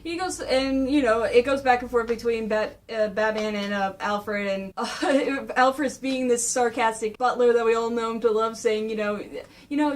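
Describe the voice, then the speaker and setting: A young woman giving a casual comic recap as a gushing, excitable fan. Her voice is high. She sounds a little distant from the microphone. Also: normal speed. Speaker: comic reviewer.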